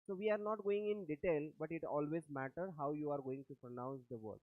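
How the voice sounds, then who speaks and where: A man's voice: a little high, a little fast, no echo. A man with an Indian English accent gives a classroom lecture, explaining step by step and often checking "do you understand?". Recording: tinny phone-like lecture recording.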